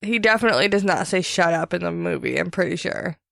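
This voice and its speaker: A woman's voice: fairly low pitch, animated, gravelly, fairly bright tone, dry recording, clean studio sound. Blunt, profane female podcast co-host. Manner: blunt, profane, quick asides. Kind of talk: casual book-discussion chat.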